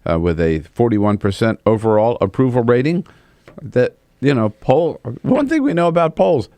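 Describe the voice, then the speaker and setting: A man with a fairly low voice hosts a talk radio show in a chatty, loose way. He talks straight into a studio mic with a dry, close sound and little room echo. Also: a little mellow, clean tone. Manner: chatty, conversational, with fillers. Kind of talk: talk radio with pledge pitch.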